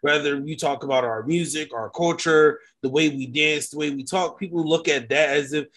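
Animated man with a higher voice. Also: moderate pace. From United States. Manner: animated, many restarts and fillers. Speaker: panelist. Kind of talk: casual discussion.

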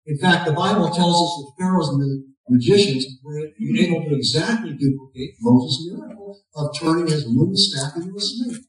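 A man's voice: a little high, normal speed, few pauses. A man preaching a sermon, telling stories with folksy, self-mocking humor and pushing up his voice on the punch lines. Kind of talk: sermon with storytelling. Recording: very echoey, from a distant mic.

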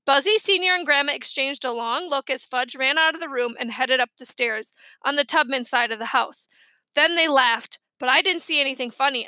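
Woman reading a children's book aloud, high voice, bright, dry close sound. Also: no echo, low-quality recording. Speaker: audiobook reader. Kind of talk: scripted children's book narration.

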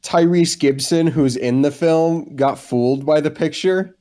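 A man's voice: on the high side, measured pace, warm tone. Joking man podcast co-host. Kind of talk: casual chat.

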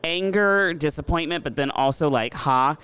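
Rambling male podcast host, smooth voice. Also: medium pitch, animated, a little fast, fairly bright tone. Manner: rambling storyteller with restarts. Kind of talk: casual chat.

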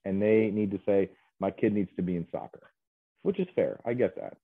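A man speaking as a guest in an interview, earnest and halting, with many fillers and restarts. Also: fairly low pitch, creaky, breathy edge, no room sound. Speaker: guest, mental health specialist. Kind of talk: casual interview chat. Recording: dry, tinny phone-like line.

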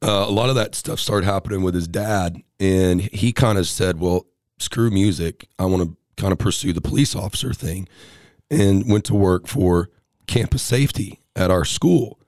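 A man's voice: deep voice, normal speed, no room sound, studio quality. A young man casually telling stories, acting out the voices of people in his anecdotes. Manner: animated, acts out voices in anecdotes. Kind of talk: casual storytelling.

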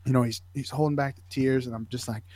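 A man telling sideline stories in casual podcast chat, animated and jumping into squeaky voices for the kids he describes. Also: fast talker. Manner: animated, acts out high squeaky kid voices in his stories. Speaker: podcast co-host, sideline medic.

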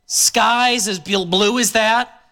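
Man, pastor, sermon, high-pitched, very bright tone, chatty, joking asides. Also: fairly even intonation, slow.

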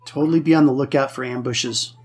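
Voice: mid-range voice, fairly even intonation, brisk, darkish tone, husky. A player chatting casually during a tabletop game, joking and rambling.

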